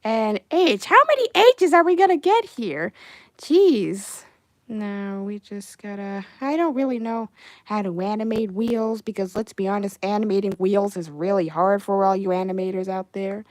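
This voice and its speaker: A young woman chatting casually on a livestream while she animates, reading chat messages aloud and breaking into excited outbursts. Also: medium pitch, unhurried, no room sound.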